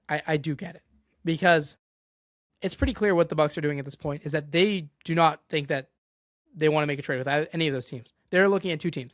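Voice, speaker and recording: A man's voice: on the high side, fairly bright tone, no echo, clean studio sound. A young man hosting a solo sports podcast, ranting with exasperation and going off on tangents. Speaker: podcast host.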